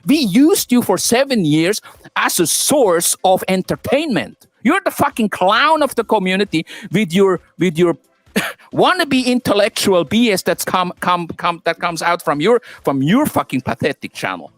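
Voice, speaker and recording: A man's voice: sits high, big pitch swings, normal speed, a bit bright, dry recording, faint music behind. A man delivering a contemptuous, profane, taunting rant. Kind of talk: angry insulting rant.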